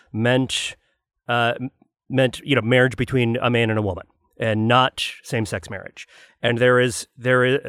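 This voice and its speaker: A man's voice: mid-range voice, fairly bright tone, smooth, dry recording, studio quality. A man co-hosting a podcast roundtable, explaining a policy point carefully and qualifying his claims as he goes. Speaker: podcast co-host, magazine editor. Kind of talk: casual roundtable discussion.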